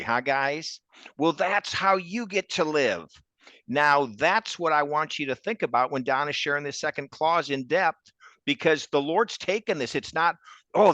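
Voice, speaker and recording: Brief: male preacher-teacher, animated and emphatic, dry close-miked sound. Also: no room sound. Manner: animated, emphatic storyteller with big pitch jumps. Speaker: ministry co-teacher. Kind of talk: preaching with a retold story.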